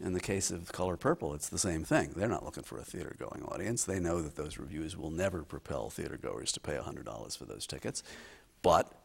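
A man giving measured analysis in a panel discussion. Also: a bass voice, lively intonation, creaky, slightly rough.

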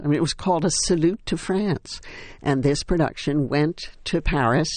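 An older woman, a stage actress, reminiscing in an interview with a wry, unhurried storytelling manner. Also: sits low, a little mellow, dry recording.

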